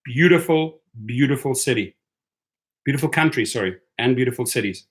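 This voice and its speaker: A man's voice: medium pitch, lively intonation, moderate pace. A middle-aged man with a South African accent, hosting a casual live stream and cheerfully greeting viewers by name. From born in the United States, raised in Europe and South Africa. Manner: chatty, upbeat, greets viewers by name, sings snatches of songs. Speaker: livestream host reading viewer comments.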